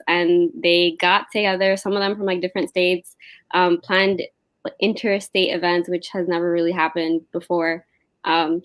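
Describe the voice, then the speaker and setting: A young woman chatting as a guest on a livestream, excited and talkative. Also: lowish voice, no room sound. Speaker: guest panelist. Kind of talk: casual livestream chat.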